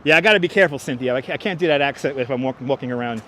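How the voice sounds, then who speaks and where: A man's voice: mid-range voice, racing, pushed and bright, a little hiss or hum. A chatty man hosting a casual live stream and reading out viewer comments as he walks outdoors through city streets, with a clip-on mic. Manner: chatty, reads out viewer comments, laughs often. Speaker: livestream host. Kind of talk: casual live-stream chat while walking. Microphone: wireless clip-on mic.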